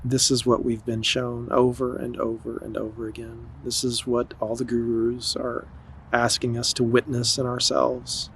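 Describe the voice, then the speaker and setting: A man giving a spiritual talk in a calm, gentle and nurturing manner, recorded outdoors in the wind. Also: mid-range voice, normal speed, vocal fry, rough recording. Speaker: spiritual teacher. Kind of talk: slow meditative spiritual talk.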